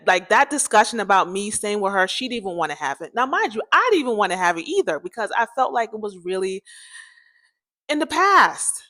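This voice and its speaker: A woman hosting a podcast, telling a personal story in a chatty, candid way, talking straight to her listeners and acting out what people said. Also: sharp tone. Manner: chatty, addresses listeners directly, acts out quoted dialogue; candid, self-described pitchy, cracky voice.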